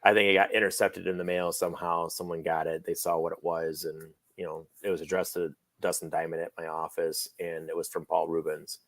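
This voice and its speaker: A low-voiced man recalls a friend in a relaxed talk-show chat. He rambles, stops for fillers and acts out the lines of the people in his story. The sound is dry and close. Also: fairly quick, few pauses, dry recording. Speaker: guest, friend of the late actor. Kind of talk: casual interview storytelling.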